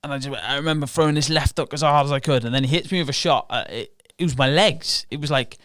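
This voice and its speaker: Speaking fast in a slightly high, fairly bright voice, this male fighter guests on a podcast and tells his story casually, with frank profanity and acted-out thoughts of his own and others'. The sound is clean studio quality with no echo.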